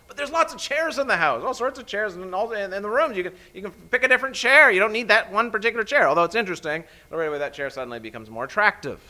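A middle-aged man preaching a sermon as a pastor, emphatic and animated, often restarting phrases. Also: high voice, fast talker, few pauses.

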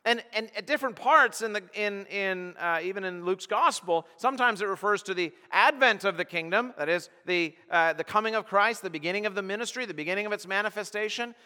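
Bright-voiced man preaching in a reverberant hall. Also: high-pitched, fairly quick, hardly any pauses. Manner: earnest, emphatic, many restarts. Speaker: pastor. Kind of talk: expository sermon.

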